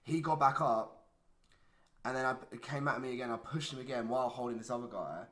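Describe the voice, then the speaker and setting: With a mid-range voice that's a bit bright and a little fast, this young podcast co-host chats casually through a story full of swearing and constant "like"s. The room he's recorded in is echoey.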